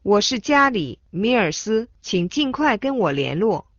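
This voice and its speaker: Lively woman reading Chinese phrases. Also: mid-range voice, moderate pace, no room sound. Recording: dull dry studio sound.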